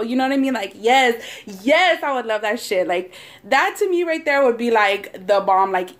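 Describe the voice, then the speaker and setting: A young woman talks to her viewers while she eats. She rambles in a loose, casual way and swears freely, and her speaking voice sits a little high. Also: lively intonation, fairly quick. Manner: chatty, swears a lot, rambling. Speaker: mukbang vlogger. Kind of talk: casual eating-show chat.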